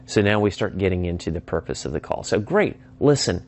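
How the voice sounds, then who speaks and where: A man's voice: deep voice, fast. A man giving an instructional talk on phone sales, emphatic and acting out sample call lines. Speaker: sales trainer.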